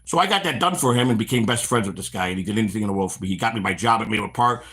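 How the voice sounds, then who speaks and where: Very fast and husky, with a lowish voice, this middle-aged Chicago-area stream host tells long, rambling stories from his past while on an outdoor walk. He animatedly acts out the voices of the people involved and restarts frequently.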